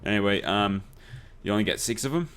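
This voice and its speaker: A man's voice: fairly low pitch, expressive, brisk, fairly bright tone, smooth. A young man with an Australian accent, telling rambling, swear-filled anecdotes while playing a video game. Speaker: gaming YouTuber. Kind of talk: casual let's play storytelling.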